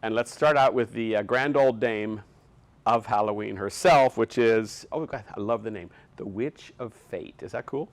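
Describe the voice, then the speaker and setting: A man's voice: on the low side, moderate pace. Gushing man showing off decor. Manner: gushing, enthusiastic, lots of superlatives. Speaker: host showing his decor collection. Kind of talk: casual product showcase. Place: showroom.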